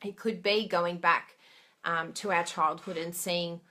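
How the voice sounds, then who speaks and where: A woman's voice: lowish voice, steady tone, measured pace, sharp tone. A woman giving a casual motivational talk to camera, chatty and encouraging, laughing at herself and asking her listeners questions. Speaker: trainer for craft product demonstrators.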